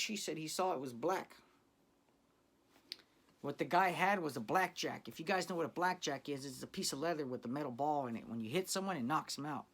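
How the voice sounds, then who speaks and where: A man's voice: fairly high pitch, a bit bright. A man hosting his own channel tells a crime story in loose street slang. He swears freely and keeps turning to the viewers as "guys," in a casual, confiding storytelling way.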